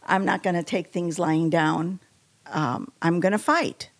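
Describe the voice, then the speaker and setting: A woman's voice: on the low side, measured pace. A woman giving a personal faith testimony, telling her story with feeling and acting out quotes. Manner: emotional, animated storytelling with acted quotes. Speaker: testimony speaker.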